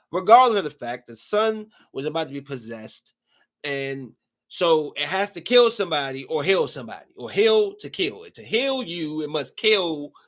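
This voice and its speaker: A man with a fairly high voice rambles through a story in casual podcast chat. He talks in an animated, emphatic way, circling back and repeating himself for effect. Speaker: podcast host.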